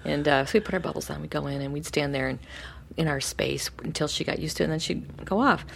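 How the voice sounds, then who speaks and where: Middle-aged female co-host, animated storyteller, lower-pitched voice. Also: quick pace, gravelly, husky. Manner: animated, acts out voices in her stories. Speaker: podcast co-host. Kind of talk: storytelling in casual chat.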